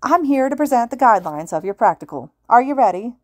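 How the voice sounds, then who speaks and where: Woman voicing a hyped male hero announcer, showman booming at a crowd, dry read. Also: brisk, dark tone, no echo, natural voice. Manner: booming showman calls to listeners.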